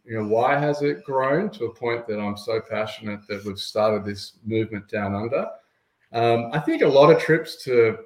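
A man's voice: mid-range voice, darkish tone. Eager Australian man, roomy echo. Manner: enthusiastic, storytelling. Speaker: guest. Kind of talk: casual chat.

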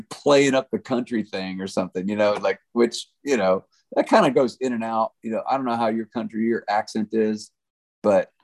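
A middle-aged man, a country musician guest, telling stories in a laid-back, rambling way with lots of fillers. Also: mid-range voice. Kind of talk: casual storytelling chat.

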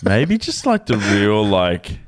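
Young aussie bloke on a podcast, swears a lot, chill, lowish voice. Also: male voice, huge pitch swings, slow, no room sound, studio quality. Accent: Australian. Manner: laid-back, swears freely, lots of fillers. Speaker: podcast co-host. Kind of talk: casual chat.

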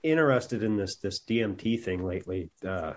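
A man's voice: lowish voice, expressive, moderate pace. A man hosting a podcast, laid-back in casual chat with short replies. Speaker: podcast host.

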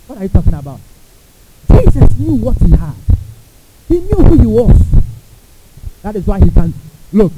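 A pastor delivers an animated sermon in a high-pitched voice at normal speed, leaving long pauses as he acts out quotes and puts questions to the congregation. The audio is tinny and phone-like, with a faint hiss.

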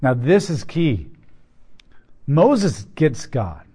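Man teaching scripture in a higher voice. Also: big pitch swings, very slow, warm tone, husky. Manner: explains plainly with casual asides and rhetorical questions. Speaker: Bible teacher. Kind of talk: conversational Bible teaching.

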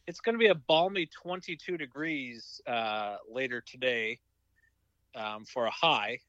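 A man calling into a podcast, chatting easily but haltingly with many fillers. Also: medium pitch, bright, forceful tone, no room sound, lo-fi sound. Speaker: regular guest calling in. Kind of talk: casual chat.

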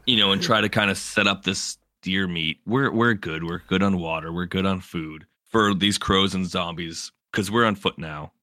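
A man's voice: sits low, normal speed, hardly any pauses, bright, forceful tone, no echo, clean studio sound. A man telling the story of a game run in casual chat, rambling with many fillers and restarts. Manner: rambling, full of "you know" fillers and restarts. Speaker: player recounting a game run.

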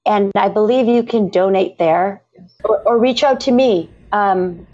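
A middle-aged woman talks with deep earnestness, often halting and restarting as emotion rises. Her voice sits in an ordinary middle register. The recording is a little dull and lo-fi. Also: mellow. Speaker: literacy nonprofit founder, guest. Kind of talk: emotional podcast interview. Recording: slightly dull lo-fi audio.

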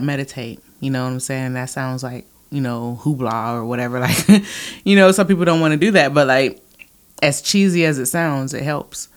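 A woman co-hosting a casual podcast chat, animated and expressive, saying "like" a lot. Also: very deep voice. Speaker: podcast co-host.

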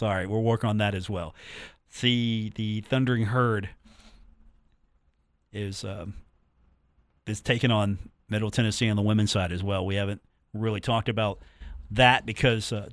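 Speaking in a fairly low voice with a fairly bright tone, this sports talk radio host banters and jokes with listeners between game discussion, repeating catchphrases and phone numbers. He's in a radio studio on a studio microphone, with studio-quality sound and no echo.

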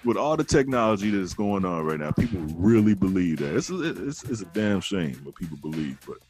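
Low-voiced joking male podcast host. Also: very animated, brisk, a little mellow, faint music behind. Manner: joking, opinionated banter. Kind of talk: casual podcast chat.

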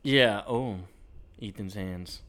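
A man's voice: lowish voice, takes it slowly, fairly bright tone. A man co-hosting a casual podcast, recapping a TV episode and mocking his partner's theories. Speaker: podcast co-host.

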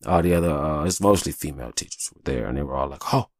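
A man with a very low, gravelly voice talks through a casual podcast monologue full of profanity and asides. His voice sounds dry and close, with little room sound. He talks in his thirties' easy, chatty manner. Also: fast talker, no room sound. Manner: loose, profane and chatty, with frequent "you know what I'm saying". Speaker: podcast host.

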